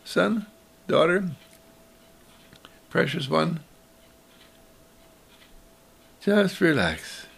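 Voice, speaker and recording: A gentle, patient mother, as a man puts her on in a spoken parable. She talks in a soft, hushed, coaxing way, with a gravelly texture under the quiet voice. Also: medium pitch, very animated, moderate pace, heavily acted. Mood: soothing.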